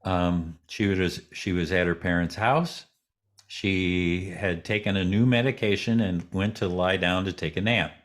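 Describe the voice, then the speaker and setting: Slow-talking man telling a story. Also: sits low. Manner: slow, relaxed storytelling, acting out quoted voices. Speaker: interview guest. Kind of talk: storytelling in a casual interview.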